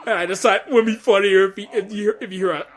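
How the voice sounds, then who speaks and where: A man talks through a director's commentary on his fan dub, rambling and laughing as he goes. His voice sits a bit high. He speaks close to a condenser mic. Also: steady tone, fast talker, soft background music. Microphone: USB condenser mic.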